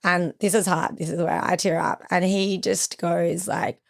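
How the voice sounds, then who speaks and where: Young woman on a podcast, kinda low voice, telling her story with lots of acted-out quotes. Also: level tone, moderate pace, gravelly. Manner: vivid retelling with acted-out quotes. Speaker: podcast guest. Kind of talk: emotional personal storytelling.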